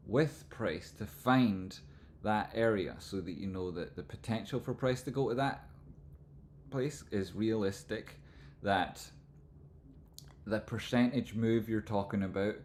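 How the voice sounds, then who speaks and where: A man with a Scottish accent hosting a live stream, explaining stock chart analysis in a relaxed, rambling way. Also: lowish voice, slight background noise. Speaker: livestream host, trading analyst.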